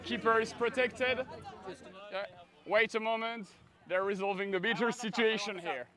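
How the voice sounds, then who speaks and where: A man refereeing a match outdoors, giving short, clipped commands in a fairly high voice. A loud crowd fills the field around him. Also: moderate pace. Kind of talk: calling rulings on the field. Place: outdoor sports pitch.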